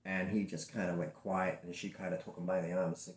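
A man producing adult films, speaking bluntly and profanely in a candid interview, telling animated stories from his own studio. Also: deep voice, fast talker. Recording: roomy echo.

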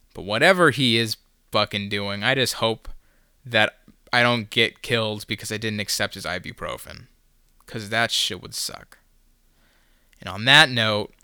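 A man's voice: mid-range voice, bright, forceful tone, smooth, no room sound, clean studio sound. A young man hosting a solo podcast, telling a rambling, profane, self-mocking story in casual chat.

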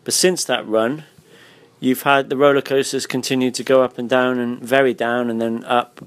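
A man's voice: medium pitch, steady tone, moderate pace, smooth. A man hosting a casual interview, blunt and swearing freely, his voice tired. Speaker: podcast host. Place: hotel room.

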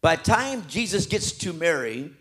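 Preacher, male, fairly high voice, impassioned sermon delivery, rises loud then drops to a hush, plain colloquial talk. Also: big pitch swings, moderate pace. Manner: impassioned, swinging between loud emphatic peaks and hushed soft passages; colloquial, with repetitions and restarts.

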